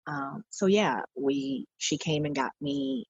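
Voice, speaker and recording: Low husky woman in her forties. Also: takes it slowly, dry recording, lo-fi sound. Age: 40s. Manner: earnest, reflective, quoting others as she recounts. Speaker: podcast guest. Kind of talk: personal storytelling in an interview.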